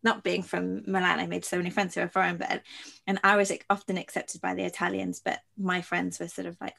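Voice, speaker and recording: Woman host, low gravelly voice, reflective rambling interviewer. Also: flat delivery, fairly quick, fairly bright tone. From London. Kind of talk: conversational interview.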